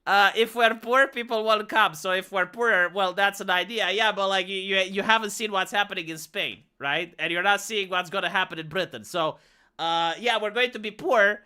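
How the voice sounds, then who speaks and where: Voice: medium pitch, moderate pace, sharp tone, clean tone. A live streamer from Romania with a Romanian accent, ranting bluntly and with a lot of swearing in a casual livestream chat.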